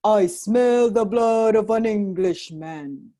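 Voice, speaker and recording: A woman voicing a greedy, gruff male giant in a booming, slow chant for a storybook read-aloud. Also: mellow, lightly acted.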